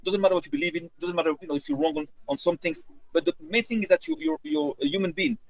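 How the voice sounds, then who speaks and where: A man's voice: high-pitched, lively intonation, fast talker, gravelly, no echo, poor audio. A man in a played clip, speaking earnestly and repetitively in a fervent, preaching style.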